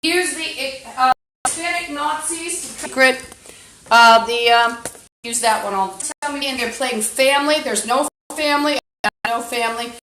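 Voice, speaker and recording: A high-voiced woman livestreaming a rambling monologue into a phone or camera mic. She sounds agitated and swears constantly, stumbling through fillers and restarts. A faint hiss sits under her voice. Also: normal speed, a bit bright, rough recording.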